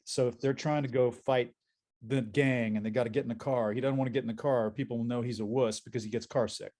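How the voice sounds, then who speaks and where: A man who voices characters for a living speaks fast at medium pitch while telling spirited anecdotes on a convention panel. He often restarts and repeats words.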